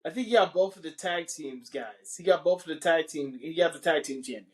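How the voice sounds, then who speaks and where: A man co-hosting a podcast, animated and opinionated, often restarting his sentences while grading matches. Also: a little high, fairly quick. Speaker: podcast co-host. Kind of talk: casual wrestling review chat.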